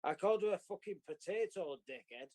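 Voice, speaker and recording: A man's voice: sits high, animated, fairly quick, darkish tone, no room sound. A man in a heated online argument, hurling insults and swearing in a combative way. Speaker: debater in a replayed stream clip.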